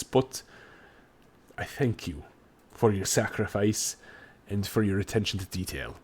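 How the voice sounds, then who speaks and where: A man's voice: fairly low pitch, a little mellow, breathy edge. A man voicing a grateful male craftsman in a tabletop game who is choked up and tearful, stumbling over his words. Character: grateful male craftsman NPC, emotional, formal.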